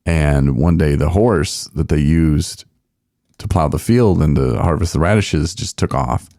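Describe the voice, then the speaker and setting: A man's voice: rumbling low, measured pace, warm tone, no room sound, clean studio sound. A man hosting a podcast, telling a story in a rambling, folksy way with many fillers. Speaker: podcast host. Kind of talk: casual storytelling chat.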